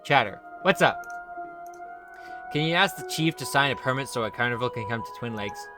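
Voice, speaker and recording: A man's voice: mid-range voice, expressive, brisk, music in the background. A man streaming a game, reading its lines aloud in a plain, matter-of-fact way.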